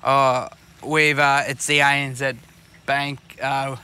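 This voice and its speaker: A man's voice: medium pitch, flat delivery, slow, bright, forceful tone, clean tone. A man with an Australian accent co-hosting a podcast, telling rambling anecdotes full of swearing while out on a fishing boat. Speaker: podcast co-host. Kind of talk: casual chat.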